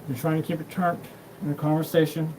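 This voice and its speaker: A man's voice: a little high, little pitch movement, fairly quick, darkish tone, slight background noise, poor audio. A man hosting his own show, talking in a rambling, profane monologue that jumps from topic to topic. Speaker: show host.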